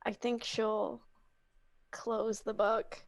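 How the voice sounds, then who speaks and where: A woman player in a tabletop game talks slowly and hesitantly, with a fairly high voice that has a gravelly edge. She sounds relaxed, feeling her way through what her character does. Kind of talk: casual tabletop play.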